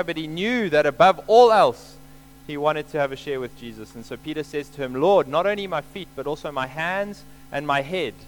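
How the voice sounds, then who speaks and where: A man's voice: on the high side, a little hiss or hum, rough recording. A man preaching a sermon, explaining scripture earnestly and repeating key points for emphasis.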